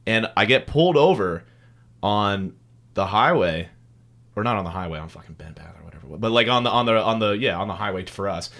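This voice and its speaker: A young man hosting a casual podcast, telling a story with lots of swearing and animated voices for the people in it. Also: fairly low pitch, brisk. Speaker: podcast host.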